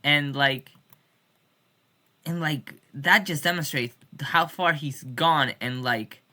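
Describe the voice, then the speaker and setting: Woman, bright and sharp tone, loose irreverent vlog rant with jokey swearing. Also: low-pitched, slow. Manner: rambling, irreverent, swears jokingly; many restarts and fillers. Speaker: music fan. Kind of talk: casual video diary rant.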